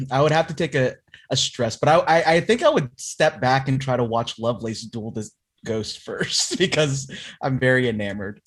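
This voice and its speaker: A man's voice: medium pitch, normal speed, husky. A man playing in a tabletop game, speaking hesitantly with stumbles. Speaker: player.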